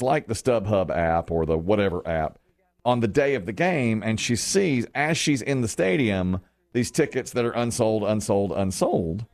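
A man co-hosting a morning radio show, telling stories in casual chat and jumping into high voices for quotes. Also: gravelly. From American South. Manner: animated storyteller, jumps to high voices for quotes.

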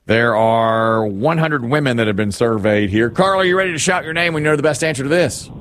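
A man's voice: mid-range voice, lively intonation, a little fast, a bit bright, no room sound. A man hosting a radio quiz game, rereading the question and joking with the panel. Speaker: radio game show host.

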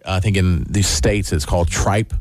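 A man's voice: sits low, normal speed, dry recording, studio quality. A man in casual conversation, animatedly telling stories and acting out his own quotes. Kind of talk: casual chat.

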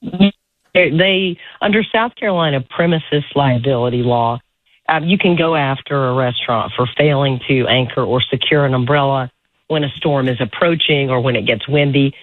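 A woman's voice: very deep voice, moderate pace, no echo. Woman lawyer on a tinny phone line. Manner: hesitant, filler-heavy. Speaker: legal expert guest. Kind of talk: casual explanation on radio.

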